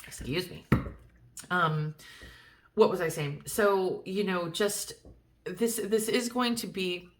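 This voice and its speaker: Woman tarot reader, low-pitched, casual and reassuring, lots of ums and restarts. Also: takes it slowly, long pauses. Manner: chatty, many fillers and restarts; reassuring, speaks directly to viewer. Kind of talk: casual pick-a-card reading.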